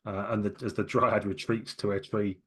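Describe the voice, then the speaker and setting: Brief: male game master, lowish voice, animated scene narration. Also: normal speed, slightly rough.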